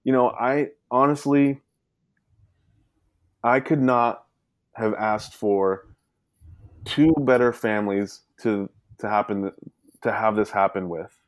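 A man's voice: lowish voice, slow pace, pauses often, no room sound. Rambling man, dry close sound. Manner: rambling, full of "you know" fillers. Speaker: guest. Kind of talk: casual storytelling.

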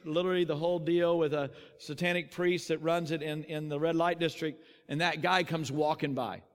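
Male preacher, animated storyteller, highish voice, long hall reverb. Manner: animated storytelling, acting out quotes. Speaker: pastor. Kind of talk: sermon.

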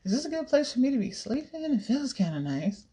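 A woman's voice: high-pitched, very animated, fairly quick, dark tone, voice pushed up. Woman putting on a drowsy cartoon princess. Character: sleepy, carefree young princess captive.

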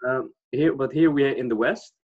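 A man's voice: medium pitch, a little fast, husky. A man with a Dutch accent chatting casually, hesitant and searching for words with many fillers. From Netherlands. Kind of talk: casual chat. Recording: dull lo-fi sound.

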